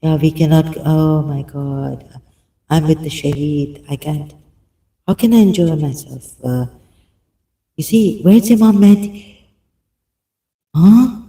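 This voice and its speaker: Man, gravelly, very slow, hesitant reading with commentary, many fillers. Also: on the high side, dark tone, poor audio. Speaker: video commentator. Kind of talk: halting reading aloud with commentary.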